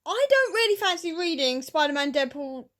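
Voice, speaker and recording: Woman, book vlogger, high bright voice, chatty and effusive. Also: animated, moderate pace. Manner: chatty and emotional, with laughing and self-interruptions. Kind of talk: casual vlog chat.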